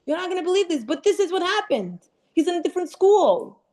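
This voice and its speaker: A woman's voice: very high voice, quick pace, pitched above the performer's own voice. A woman voicing a friend eagerly sharing surprising news about an old bully. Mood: excited. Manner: excited, insistent. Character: friend eagerly passing on gossip.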